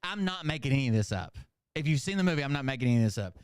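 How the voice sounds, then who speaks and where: A man casually recapping a movie in a profane, animated rant, acting out the characters with sudden shouts. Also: mid-range voice, very fast, smooth, dry recording, studio quality. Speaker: channel host.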